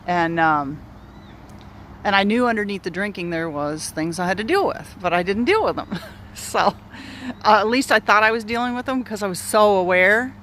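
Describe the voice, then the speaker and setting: A woman's voice: lowish voice, a bit bright, a little hiss or hum. A woman outdoors telling a personal story in a candid, rambling way, swearing freely and circling back on herself. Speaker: speaker sharing a personal story. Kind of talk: casual spoken storytelling. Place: outdoors near bushes in an urban area.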